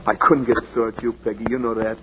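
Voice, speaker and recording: An actor playing a gentle, lovesick young male boxer who speaks softly and haltingly, in 1940s radio acting. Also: lowish voice, little pitch movement, noisy background, lightly acted. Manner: soft, halting, plain slangy speech. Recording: dull 1940s radio recording with music.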